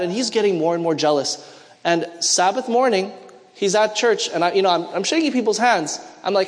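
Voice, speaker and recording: A man with a high-pitched voice preaches fairly quickly, his sermon full of stories and questions the congregation is asked to call out answers to. The recording has a long hall reverb.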